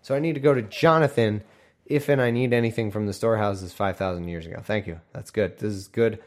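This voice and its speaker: A man's voice: fairly low pitch, brisk. Yawning, sarcastic man reading aloud. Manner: yawning, sarcastic, wry, mock-helpful. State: yawning, scratchy throat. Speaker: podcast host reading the Bible aloud. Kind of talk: casual reading with sarcastic asides.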